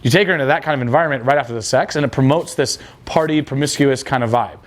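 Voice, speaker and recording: Fast-talking blunt male dating coach. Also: mid-range voice. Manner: blunt, casual, crude slang; acts out quoted dialogue. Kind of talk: coaching talk.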